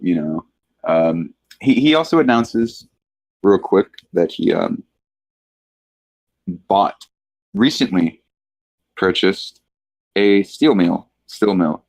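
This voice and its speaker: Slow, low-voiced man running a tabletop game. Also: creaky, no room sound, rough recording. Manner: halting, full of fillers and restarts, laughs often. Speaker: game master.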